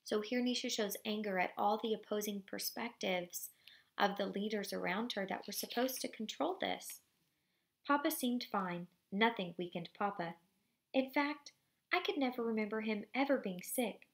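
A woman reading a novel aloud with commentary. She reads in a steady storybook manner, with casual asides. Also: medium pitch, normal speed.

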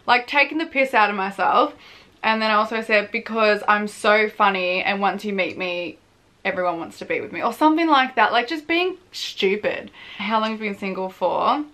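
Bright-voiced chatty young woman vlogger. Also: mid-range voice, normal speed. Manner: chatty, swears freely, laughs often, self-mocking. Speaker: vlogger, former reality show contestant. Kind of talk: casual advice vlog.

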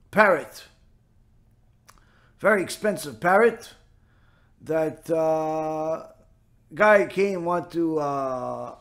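A rabbi with a high-pitched voice tells a joke to teach a moral lesson. He narrates in an animated way, pausing on fillers as he goes. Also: vocal fry.

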